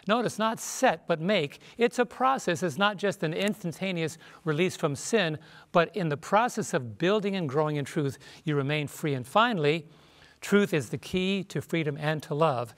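A man with a somewhat high voice teaches a Bible study on a television panel. He talks in an earnest teaching manner, quoting scripture as he goes. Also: lively intonation, normal speed, a bit bright. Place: television studio.

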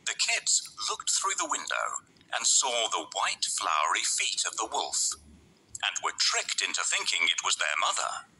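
A man narrating a bedtime fairy tale slowly and dramatically, often dropping into breathy whispers. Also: deep voice, wildly swooping pitch, pushed and bright, slight background noise, rough recording. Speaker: storyteller.

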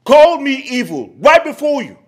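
An actor playing an aggrieved uncle with a Nigerian accent and a husky voice, complaining to his sister. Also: very high voice, big pitch swings, moderate pace. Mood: wounded. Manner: complaining, wounded. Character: aggrieved middle-aged uncle Frank, company manager.

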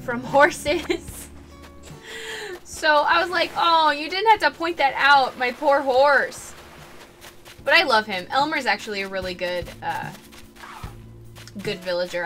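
A woman streaming a video game in casual chat, talkative and quick to burst into excited squeals and laughter. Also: medium pitch.

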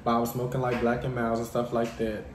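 Animated storyteller in an echoey room. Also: male voice, mid-range voice, fast talker, background noise. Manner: animated, dramatic storytelling addressing viewers as y'all. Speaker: vlogger. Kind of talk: casual storytime vlog.

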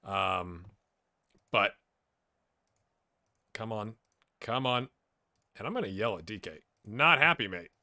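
A man doing let's play commentary for viewers, with excitable play-by-play that swings from loud outbursts to quiet muttering, and jokes along the way. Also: on the low side, takes it slowly, pauses often. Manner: jokey, talks to viewers. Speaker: gaming YouTuber.

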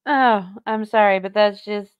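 A woman's voice: medium pitch, measured pace, clean tone, no room sound, highs cut off. A woman streamer giving casual commentary on clips and reading chat, sarcastic, blunt and mocking.

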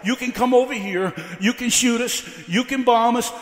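A man with a very high voice preaches a fiery revival sermon. He peppers his lines with "uh" and hammers the same questions again and again. His voice rings out with the long echo of a large hall. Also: normal speed. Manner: fiery preaching with repeated "uh" fillers; builds by repeating questions. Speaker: evangelist. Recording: echoey hall.

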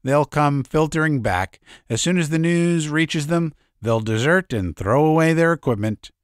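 A man voicing a grim, weary fighter who speaks bluntly and states hard facts flatly. His voice sits a little higher than the narrator's low tone. The sound is dry and close. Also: normal speed, no echo, natural voice. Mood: grimly certain.

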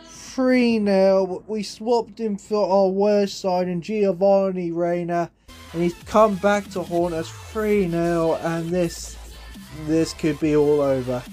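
Casting: young man, high voice, gaming YouTuber calling his own football game, excitable, faint music under him. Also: slow. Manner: excitable, swings from gloom to yelling at goals. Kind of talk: live game commentary.

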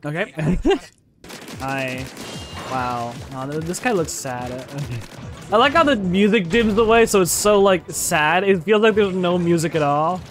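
A young man giving swear-heavy, excitable let's play commentary, laughing often. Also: high voice, a little slow. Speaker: gaming YouTuber. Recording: faint game music behind.

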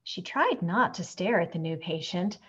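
A woman reading a children's picture book aloud with expressive, animated storytelling, on a dull recording. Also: fairly low pitch, normal speed, breathy edge. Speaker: storybook reader.

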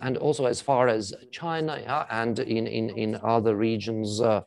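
A man with a Latvian accent, a native Latvian speaker, gives an introductory university language lecture. He explains patiently, repeats phrases slowly for learners and keeps checking in with a questioning "yeah?". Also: fairly low pitch, fairly even intonation, gravelly, a little mellow.

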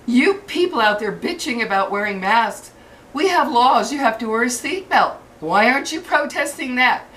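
An older woman, a grandmother, delivering a furious cursing rant to her viewers with halting restarts. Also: a little high, animated, a bit bright. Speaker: vlogger. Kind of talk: angry rant to camera. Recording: distant mic with faint background hiss.

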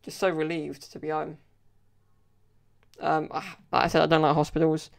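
Gravelly, flat-voiced young man. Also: fairly high pitch, moderate pace. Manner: rambling, chatty, fills with "like" and "you know". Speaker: podcast host. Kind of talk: casual solo podcast storytelling.

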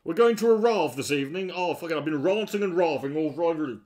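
A man riffs sarcastically over a clip, his pitch swinging widely and sitting a touch high. He swears often and mocks the speaker with exaggerated mimicry. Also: animated, brisk, a little mellow. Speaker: commentator reacting to a video. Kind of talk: reaction commentary.

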